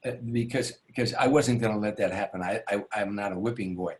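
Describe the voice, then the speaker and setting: A man's voice: lowish voice, fairly quick. A man, a stand-up comedian, telling a long show-business anecdote as an interview guest. He rambles, restarts his sentences and acts out the people in the story. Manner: rambling, with many restarts and asides.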